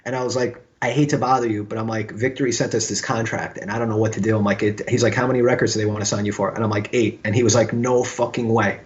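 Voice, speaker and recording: A man's voice: fairly low pitch, racing, few pauses. A man, telling stories as a guest in a casual interview and acting out the voices of the people he quotes. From Brooklyn, New York. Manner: animated storyteller who acts out quoted dialogue. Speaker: guest musician. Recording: slightly dull lo-fi sound.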